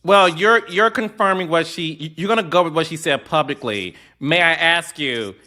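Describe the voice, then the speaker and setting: Male host, bright slightly high voice, measured probing questions. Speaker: podcast host. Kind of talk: interview questions.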